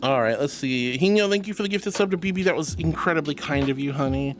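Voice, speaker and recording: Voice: mid-range voice, quick pace, slight background noise. A VTuber streamer in casual live-stream chat, gushing over viewers and calling them sweetie and honey, often breaking into giggles.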